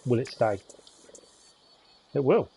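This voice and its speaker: A man's voice: mid-range voice, expressive, takes it slowly, gravelly, warm tone, slight background noise, rough recording. A man chatting with viewers as he thinks aloud during a live-stream gameplay commentary.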